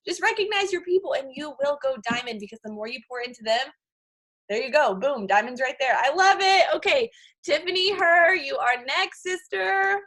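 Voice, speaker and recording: Super high-voiced host lady hyping everyone up. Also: lively intonation, normal speed, fairly bright tone. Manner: gushing, cheerleading. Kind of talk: enthusiastic hosting.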